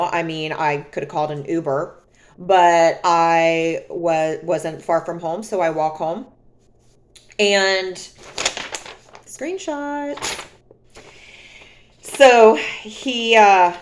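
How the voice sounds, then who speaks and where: A woman vlogger calmly and emphatically retelling a personal story in a storytime monologue. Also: medium pitch. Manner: calm, emphatic, dramatic retelling.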